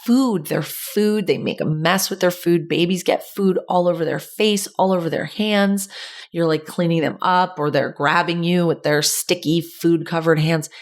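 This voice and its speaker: A young adult woman with a slightly low voice gives parenting advice in a loose, chatty way. She fills her talk with "like" and quick asides, as if talking to a friend. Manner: chatty, lots of "like", animated asides. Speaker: podcast host.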